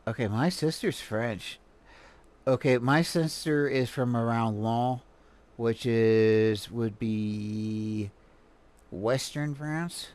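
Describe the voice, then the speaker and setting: An American man hosts a live stream and comments on a clip in a loose, rambling way. He stops, restarts and fills the gaps with ums. His voice sits at an ordinary middle pitch. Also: takes it slowly, darkish tone. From United States. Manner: rambling, full of fillers and restarts. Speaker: livestream host reacting to a video. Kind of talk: casual commentary.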